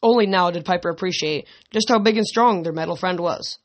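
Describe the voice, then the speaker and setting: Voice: mid-range voice, fairly quick. A narrator reading a fantasy novel aloud, with occasional slips and restarts. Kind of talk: amateur audiobook reading.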